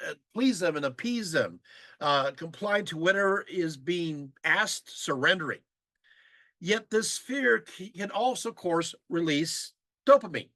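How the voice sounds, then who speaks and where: Lively male lecturer, high voice with big swings, dry close sound, acts out audience reactions. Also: dry recording.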